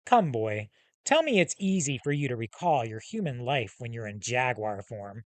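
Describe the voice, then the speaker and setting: A man voicing a huge, scarred male hellhound with a calm, commanding manner and measured, formal speech. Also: mid-range voice, no echo, natural voice. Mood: formal, assured. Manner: measured, formal speech with slow, stressed titles.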